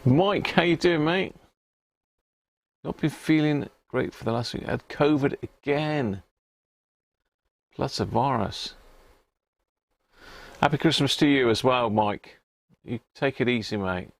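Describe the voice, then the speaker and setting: A man's voice: medium pitch, slow pace, vocal fry, long pauses. A man hosting a casual livestream, chatting with viewers by name and stumbling over unfamiliar words. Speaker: livestream host. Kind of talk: casual live chat.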